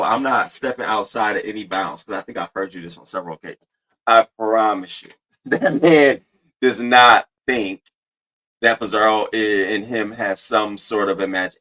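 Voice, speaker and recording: A man hosting a livestream, talking casually and bluntly to his viewers, often profane and animated. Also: mid-range voice, rough recording. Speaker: livestream host.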